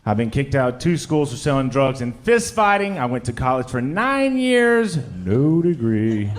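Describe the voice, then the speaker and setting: A male stand-up comedian works a club stage through a stage microphone. His voice sits at an ordinary middle pitch while he rattles off crude, self-mocking confessions and fires blunt questions at the crowd. A faint hiss runs beneath the recording. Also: very animated, normal speed. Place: comedy club stage before a laughing audience.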